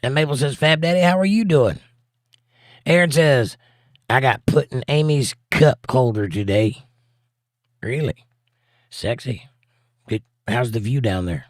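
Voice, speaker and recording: A man's voice: medium pitch, animated, measured pace, long pauses, no room sound, studio quality. A man hosting a casual live stream, reading viewer comments aloud and joking back at them. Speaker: livestream host.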